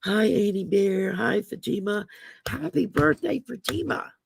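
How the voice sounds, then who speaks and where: A woman hosting a casual livestream chat, her voice growly from damaged vocal cords, rambling and halting with many fillers. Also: medium pitch, animated, gravelly, slight background noise. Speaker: host.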